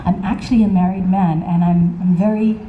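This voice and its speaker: A woman voicing a gentle, loyal married young man who talks in a soft, placating way. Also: on the low side, steady tone, brisk, narrow, tinny audio, noisy background, close to an everyday voice. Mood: pleading. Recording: echoey outdoor stage sound.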